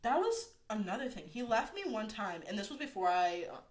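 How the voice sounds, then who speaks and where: A woman's voice: mid-range voice, fairly quick. A young woman hosting a casual podcast chat, telling work stories with lots of fillers and quoted asides. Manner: animated storytelling with frequent fillers and quoted asides. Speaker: podcast host.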